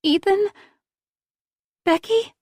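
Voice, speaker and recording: A woman voicing a frightened, injured teenage girl who is crying and speaks in a high, pleading voice. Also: very slow, a little mellow, no echo, clean studio sound, full character voice. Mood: tearful, pleading.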